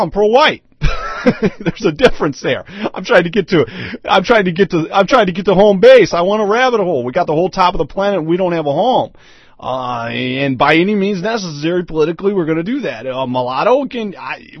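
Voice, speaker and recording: Male host, emphatic monologue, lively pitch, a bit high, dull dry lo-fi recording. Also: fairly quick, slightly rough, no room sound. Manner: emphatic, repetitive rhetorical questions. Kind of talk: solo opinion monologue.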